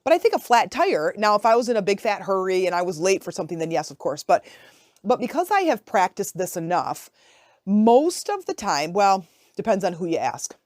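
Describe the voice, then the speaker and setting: A woman's voice: medium pitch, big pitch swings, a little fast, darkish tone, no echo. Chatty woman in her forties, dry sound. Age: 40s. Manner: chatty and conversational, often asking "right?". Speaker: podcast host, life coach. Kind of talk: casual reflective podcast monologue.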